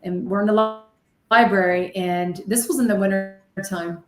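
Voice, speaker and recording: A woman's voice: medium pitch, moderate pace. A woman who works as a medium and ghost hunter, telling her stories animatedly as a guest in an interview, acting out the voices she remembers. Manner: animated, excitable storytelling with dramatic re-enactments. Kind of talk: storytelling in an interview. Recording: echoey room.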